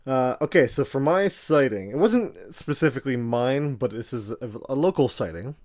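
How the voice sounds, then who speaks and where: A man's voice: medium pitch, expressive, normal speed, darkish tone. A man co-hosting a podcast in casual chat, telling a story in a chatty way and laughing often.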